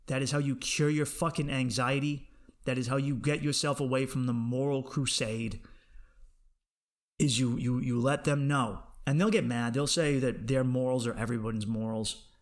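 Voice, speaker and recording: A man hosting a comedy podcast, delivering a profane, animated rant and acting out other people's voices in quotes. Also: medium pitch, moderate pace. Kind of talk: ranting comedic monologue.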